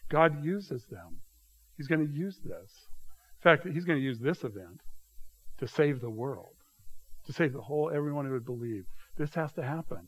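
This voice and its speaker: A man's voice: medium pitch, lively intonation, moderate pace, slightly rough, poor audio. A man preaching a conversational, teacherly sermon that walks listeners through a Bible passage. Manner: conversational, teacherly, often asks "okay?". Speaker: pastor. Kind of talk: expository sermon.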